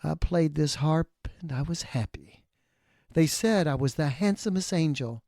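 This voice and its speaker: A man voicing a proud, half-mad fallen angel who talks low and mutters, sometimes in a whisper. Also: lively intonation, a little slow, vocal fry, a little mellow, no room sound, studio quality. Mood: brooding.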